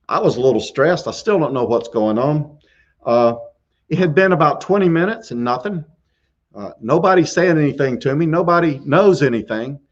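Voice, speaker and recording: A man with a slightly high voice tells a spooky tale in a casual live-stream style. He chuckles often and restarts his sentences. The audio is dull and lo-fi. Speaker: show host telling a scary story.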